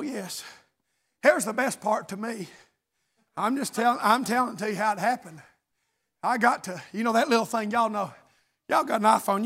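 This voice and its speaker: A man preaching a sermon, swinging between shouted, chanted lines and hushed storytelling. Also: high-pitched.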